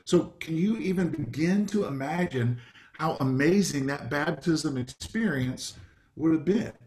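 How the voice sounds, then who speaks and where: A man's voice: fairly high pitch, expressive, a little slow, darkish tone. A man, a pastor, preaching a conversational sermon over a video call, with frequent ums and light asides.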